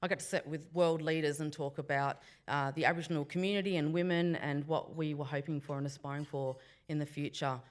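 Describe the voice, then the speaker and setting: Australian woman giving a lively welcome speech. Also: low-pitched, a little fast, hardly any pauses. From Western Australia. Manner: warm, playful crowd banter. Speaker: Welcome to Country speaker. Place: event room before a breakfast audience.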